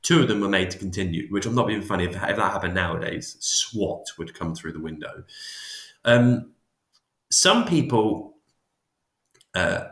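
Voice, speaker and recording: A man's voice: low-pitched, fairly bright tone, reverberant. A man teaching psychology in a casual, chatty lecture, often restarting and adding asides. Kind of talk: informal classroom lecture.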